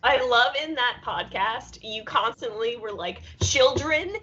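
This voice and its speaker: A woman's voice: on the high side, a little slow, pushed and bright. Wry chatty woman on a video call. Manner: chatty and wry, with meandering pop-culture asides. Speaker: co-host of a beer review show. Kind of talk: casual chat over a video call. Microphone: video call setup. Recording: dull lo-fi video call audio.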